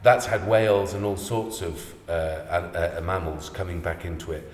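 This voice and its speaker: At a normal speed and in a deep voice, this male podcast host chats casually and enthusiastically, rambling and restarting often. Faint noise and echo fill the recording room.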